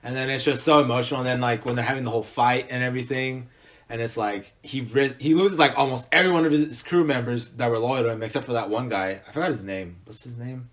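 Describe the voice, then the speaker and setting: A young man in casual podcast chat, enthusiastic and rambling. He strings thoughts together with fillers and restarts. His pitch sits in an ordinary middle range. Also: fast. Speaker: podcast co-host.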